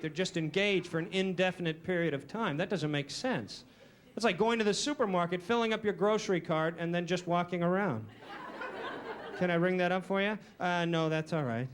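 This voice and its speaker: A man doing a stand-up comedy routine with a dry, deadpan, self-deprecating delivery. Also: sits high. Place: comedy stage before a live audience. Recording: noisy early 1990s VHS recording.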